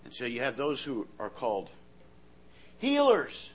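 A man preaching a sermon in an earnest way, often repeating words as he searches for the next thought, his loudness rising and falling. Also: mid-range voice, wildly swooping pitch, a little slow, slightly rough.

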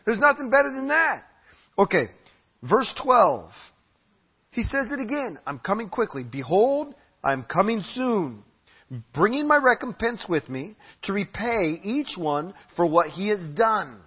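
A man preaches with lively, swooping emphasis and a high, slightly husky voice. He stretches key phrases slowly for weight. The church recording sounds dull and lo-fi. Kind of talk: sermon. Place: church hall.

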